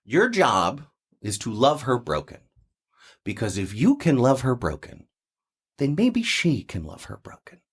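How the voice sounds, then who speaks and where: A man's voice: mid-range voice, very animated, a little slow, slightly rough. Man doing a shy winged girl cat. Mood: earnest. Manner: hesitant, full of ums and uhs. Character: small winged female cat, shy but fiercely protective. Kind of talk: tabletop role-play voice acting.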